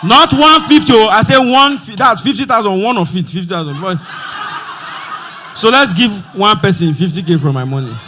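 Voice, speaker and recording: A man with a Nigerian accent hosting a live event, loud and joking with the crowd. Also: high voice, expressive, normal speed, background noise. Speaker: event host. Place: conference hall with music and crowd.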